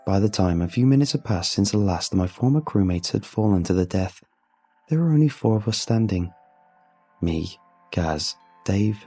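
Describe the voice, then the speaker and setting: Low gravelly guy reading a creepy story, husky and dark, faint music under it. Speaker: narrator. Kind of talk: first-person horror story narration.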